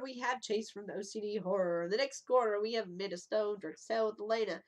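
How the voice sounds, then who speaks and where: A woman's voice: medium pitch, fast talker, hardly any pauses. A woman in her thirties hosting a casual live stream, rambling, swearing freely and giggling as she talks into a webcam mic. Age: 30s. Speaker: livestream host.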